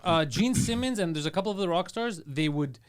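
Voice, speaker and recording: Guy cohosting a comedy podcast, crude jokes, kinda high voice, loses names mid sentence. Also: animated, a little fast. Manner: crude, joking, trails off searching for names. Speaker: podcast co-host. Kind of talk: casual comedy podcast banter. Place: podcast studio.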